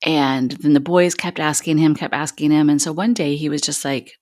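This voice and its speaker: A woman host candidly telling a personal story on a podcast, halting and pausing often. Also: low voice, steady tone, a little mellow, no room sound, clean studio sound. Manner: candid, halting, many pauses.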